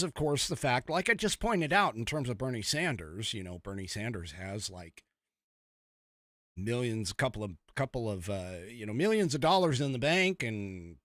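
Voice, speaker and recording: Male podcast host, casual commentary, lively swooping pitch, rambling and chuckly, dry booth sound. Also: normal speed, no echo.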